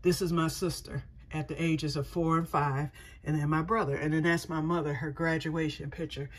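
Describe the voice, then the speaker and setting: A woman's voice: low voice, flat delivery, normal speed. A middle-aged woman chatting casually in a personal vlog, rambling and correcting herself as she goes, with folksy turns of phrase. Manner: rambling, self-correcting storyteller; folksy, says y'all. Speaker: vlogger.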